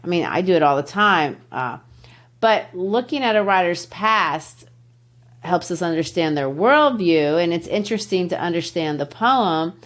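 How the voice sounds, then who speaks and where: A middle-aged woman, a literature teacher who hosts a podcast, explains a poem in conversation in an emphatic, teacherly way, slowing down and speeding up to stress her points. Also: fairly low pitch, lively intonation. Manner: teacherly, emphatic, shifts pace to stress words.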